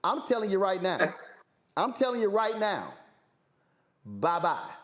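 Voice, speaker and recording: A man's voice: high-pitched, sing-song, unhurried. A man hosting a talk show, giving fiery political commentary and hammering points home by repeating phrases. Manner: emphatic, repeats phrases for force.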